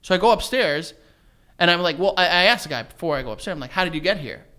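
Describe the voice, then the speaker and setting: A man's voice: high-pitched, fast. A man co-hosting a casual podcast chat, telling a story with lots of swearing and acted-out dialogue. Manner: animated storyteller, swears freely, acts out quoted dialogue. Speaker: podcast co-host.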